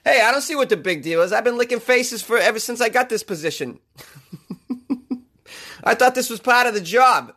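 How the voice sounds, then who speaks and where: A man's voice: very high-pitched, animated, normal speed, pauses often, sharp tone, voice pushed up, full character voice. A man doing a shameless face-licking woman politician. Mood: brazen. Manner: shameless, giggly. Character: brazen middle-aged woman politician who licks faces.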